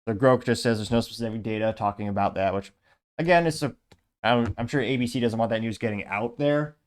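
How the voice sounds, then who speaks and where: A man's voice: medium pitch, fairly quick. Sarcastic man mocking as he reads comments. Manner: sarcastic, mocking, rambling with asides. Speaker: commentary show host. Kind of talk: casual commentary reading social media comments.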